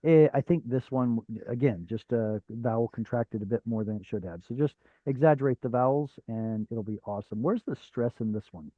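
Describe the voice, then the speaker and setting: A patient Hebrew teacher leads a live online class, explaining slowly and often pausing on fillers. His medium-pitched voice comes through a narrow, phone-like video call line, and the sound is dry with no room or echo around it.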